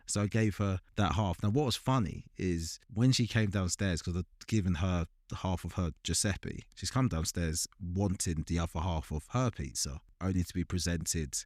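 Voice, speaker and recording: A man's voice: low voice, normal speed, hardly any pauses, darkish tone, dry recording, clean studio sound. A young man, a podcast co-host, telling rambling everyday stories in casual chat and laughing through them.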